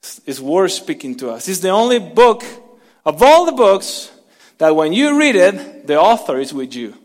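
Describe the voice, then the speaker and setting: A man preaching from the pulpit with a high, carrying voice, his words ringing out in a long hall reverb. He moves between forceful emphasis and soft, hushed lines, and he has the congregation repeat words back to him. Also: very animated, moderate pace. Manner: dynamic preaching, drops to soft near-whispers for emphasis. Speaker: pastor. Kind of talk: sermon.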